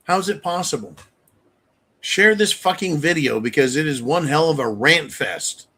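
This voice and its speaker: High, bright ranting man. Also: breathy edge. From United States. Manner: profane, ranting, heated. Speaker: channel host. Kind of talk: angry political rant.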